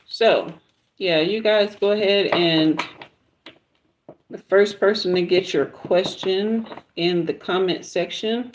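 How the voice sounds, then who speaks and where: A woman with a Southern US accent hosting a casual livestream, chatting with viewers and giving a tarot reading in a relaxed, chatty way. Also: medium pitch, slight background noise. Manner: relaxed, chatty, drawn-out pauses. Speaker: tarot reader livestream host.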